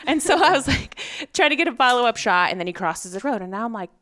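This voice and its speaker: A woman guest on a podcast, telling a story in a casual, animated way and acting out what people said. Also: fairly high pitch, fast talker. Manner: animated, acts out quoted dialogue. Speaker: hunting guest.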